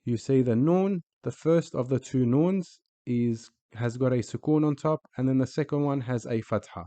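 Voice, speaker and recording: Patient man teaching in a mellow voice. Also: mid-range voice, dry recording. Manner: patient, repeats example words slowly. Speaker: Arabic teacher. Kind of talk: recorded teaching voice-over.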